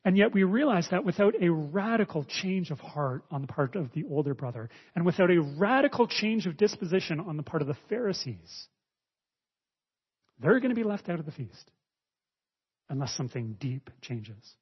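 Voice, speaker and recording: A male preacher teaching a sermon, expressive, swinging between raised emphasis and quiet asides. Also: a little high, normal speed, husky. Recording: dull lo-fi audio with long reverb.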